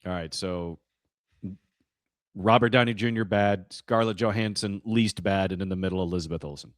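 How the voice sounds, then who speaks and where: A man hosting a podcast in casual chat, chatty and quick to laugh. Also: deep voice, no room sound, studio quality. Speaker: podcast host.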